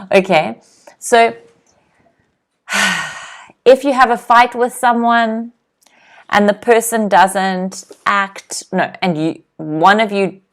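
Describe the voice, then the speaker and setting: A woman teaching a live online English lesson, saying each word slowly and clearly and having viewers repeat it. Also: medium pitch. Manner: slow, clear teacher's voice, drills words for repeating.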